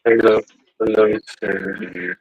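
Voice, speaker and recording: A man's voice: medium pitch, expressive, takes it slowly, vocal fry, husky, dry recording, full character voice. A man using a voice changer device to voice a menacing masked killer on a prank phone call, repeating a taunting greeting again and again.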